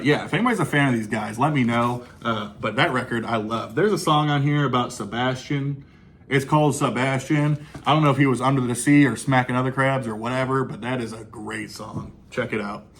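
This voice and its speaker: A man casually talking through his recent record purchases, enthusiastic and rambling, with lots of fillers and restarts. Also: medium pitch. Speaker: vinyl collecting YouTuber. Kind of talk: casual record haul review.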